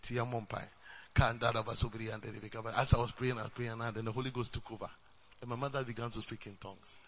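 A man with a Ghanaian accent preaching a sermon as a pastor, switching between English and Twi and rising to shouts. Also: mid-range voice, flat delivery, quick pace, lo-fi sound, slight background noise.

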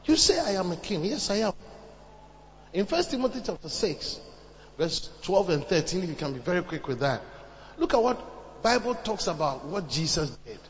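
A high-voiced male preacher swings his voice up and down as he repeats lines with mounting fervor. His sermon rings through a large hall with a long echo and a dull, muffled sound. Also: a little hiss or hum. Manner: preaching with rising intensity and emphatic repetition.

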